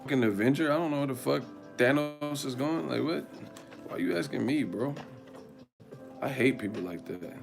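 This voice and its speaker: A man hosting a casual live stream, telling a story with lots of swearing and loud impressions of others. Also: mid-range voice, normal speed, vocal fry, soft background music. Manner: animated storytelling, swearing, loud put-on voices.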